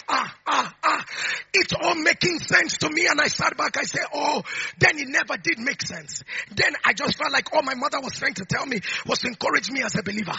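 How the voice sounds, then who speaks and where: A male pastor preaches with an unusually high, piercing brightness and a gravelly edge. He drops to near-whispers for stories, then rises to shouted declarations, with bursts of tongues in between. The sound is dry and a little dull. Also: animated, moderate pace. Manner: swings from hushed storytelling to shouted declarations; speaks in tongues between sentences. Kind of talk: sermon with tongues and call-and-response.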